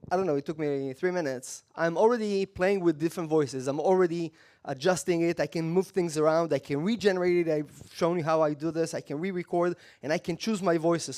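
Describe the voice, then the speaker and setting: A man presenting a live software demo at a conference, talking loosely with repeated phrases and restarts. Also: a little high. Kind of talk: live product demo talk.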